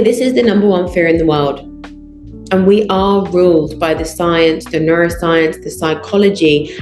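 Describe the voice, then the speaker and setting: A woman's voice: fairly low pitch, reverberant. A woman voice coach leading a guided breathing lesson over a video call. She gives encouraging step-by-step instructions and counts out each breath. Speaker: voice and public speaking coach.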